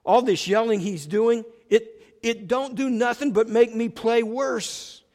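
A man's voice: extremely high pitch, a little slow, a little mellow, big-room sound, voice pushed up. A man voicing a discouraged young male football player who protests plaintively.

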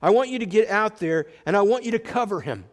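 A man voicing a calm, quietly encouraging male assistant football coach. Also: high voice, fast talker, pitched above the performer's own voice.

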